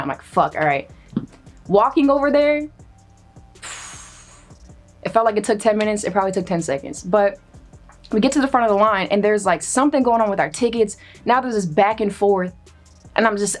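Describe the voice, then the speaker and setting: A young woman telling a comedic personal story in a casual, animated way, cursing freely and acting out what others said. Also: mid-range voice. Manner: animated, profane, acts out quoted voices. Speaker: storyteller guest.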